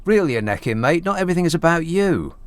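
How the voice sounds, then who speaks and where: A man's voice: a little high, quick pace, clean tone, no echo. Sarcastic man hosting talk radio. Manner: sarcastic, deadpan banter. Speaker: radio show host. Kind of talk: solo talk radio chat.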